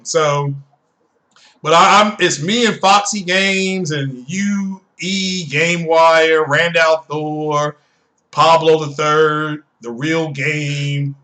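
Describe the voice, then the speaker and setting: A male live streamer chatting casually with his audience in a bright, slightly raised voice. He talks slowly and rambles, circling back and repeating himself as he goes. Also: high voice.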